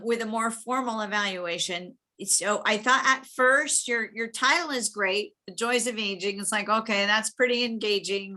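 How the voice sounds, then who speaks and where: Bright-voiced woman giving speech feedback. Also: medium pitch. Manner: encouraging, chatty, lively quoting asides. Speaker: speech evaluator. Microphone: video call.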